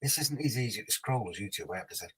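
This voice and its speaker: A man's voice: fairly low pitch, lively intonation, quick pace, breathy edge, rough recording. A man hosting a casual livestream, reading out viewer comments and teasing them in a chatty way. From Scotland. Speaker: livestream host.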